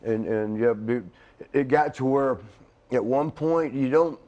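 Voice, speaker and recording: A middle-aged man talks loosely through old road stories in a studio chat. He rambles, restarts his sentences and laughs at his own jokes, in a voice of ordinary pitch. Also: a little slow, dark tone, dull audio. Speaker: interview guest, retired wrestler. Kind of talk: casual shoot interview.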